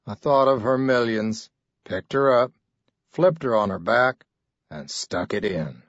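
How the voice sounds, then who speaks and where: A man's voice: mid-range voice, animated, a little slow, no echo, lo-fi sound. Man narrating with laconic dryness. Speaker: audiobook narrator. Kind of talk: scripted narration.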